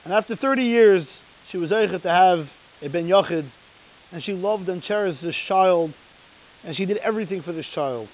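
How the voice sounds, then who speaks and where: A man's voice: high voice, moderate pace. A man giving a sermon as a Torah lecturer, telling a story and then pressing emphatic rhetorical questions. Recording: tinny phone-like recording.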